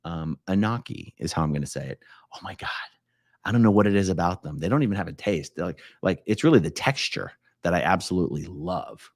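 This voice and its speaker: A man's voice: low-pitched, fast, hardly any pauses, no room sound, studio quality. A man hosting a casual live stream, rambling and self-correcting as he reads viewer comments, often laughing.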